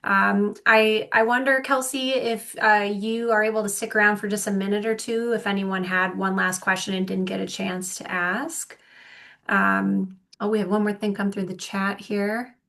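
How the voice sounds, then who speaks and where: A woman's voice: mid-range voice, little pitch movement, moderate pace, creaky, a bit bright. A woman moderating an online workshop, giving polite closing thanks over a video call.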